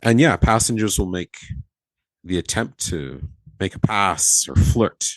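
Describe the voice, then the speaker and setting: A man with a deep voice tells a story from his years as cabin crew in a casual podcast chat. His pitch swings widely as he acts out the lines of each person. The sound is dry and close to the mic. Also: a little slow, no room sound. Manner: animated, acts out quoted dialogue, laughs often. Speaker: podcast host, former flight attendant.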